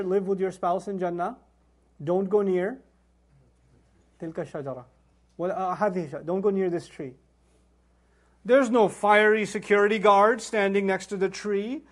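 Male Islamic speaker, animated, poses rhetorical questions. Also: sits high. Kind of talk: religious talk.

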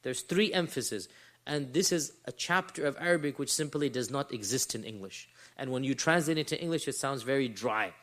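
A man lecturing a class on scripture, explaining slowly, repeating phrases and reciting in Arabic. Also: medium pitch, a bit bright. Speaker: teacher of Quran commentary.

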